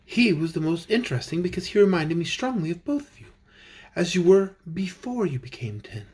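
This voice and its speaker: A man's voice: high voice, sing-song, a little fast, a little mellow, slightly rough, heavily acted. A man voicing a young woman who speaks in a cool, politely amused way.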